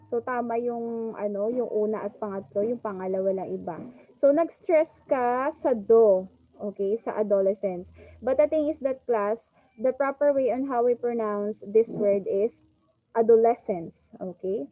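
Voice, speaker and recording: A woman's voice: a little high, moderate pace, no room sound, narrow, tinny audio. A woman with a Filipino accent teaching an English class over a video call, mixing English and Tagalog and drawing out the words she models. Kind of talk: online class lecture.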